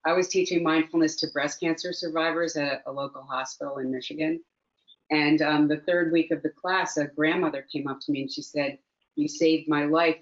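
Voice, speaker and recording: A woman's voice: sits low, fairly even intonation, normal speed, lo-fi sound. A woman mindfulness teacher, a guest in a conversational interview, speaking earnestly and reflectively and repeating phrases for emphasis.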